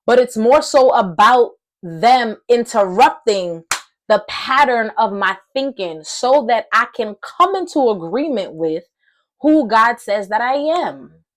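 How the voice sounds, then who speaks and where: High-voiced woman preaching excitedly. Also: takes it slowly. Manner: animated, excitable, talks with her hands; conversational slang, addresses viewers as y'all. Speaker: Christian teacher. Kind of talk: casual preaching to camera.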